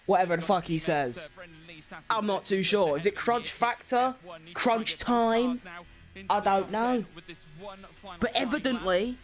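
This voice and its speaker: A London-accented man streams a watchparty with a high, very lively voice. He reacts bluntly, jokes and swears, and now and then bursts out loud at the screen. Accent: London English. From England. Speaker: streamer hosting an esports watchparty. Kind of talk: casual reaction commentary.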